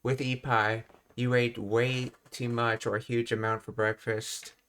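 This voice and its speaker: A man's voice: mid-range voice, level tone, a little slow, fairly bright tone, clear, resonant tone. A man working through a casual language lesson, thinking aloud with fillers and reading out explanations. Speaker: language teacher.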